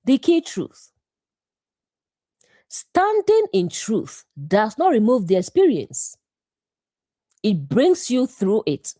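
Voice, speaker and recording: A woman giving a scripted devotional Bible teaching, speaking in short, deliberate phrases with a measured delivery. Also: a little high, wildly swooping pitch, mellow, no echo, studio quality.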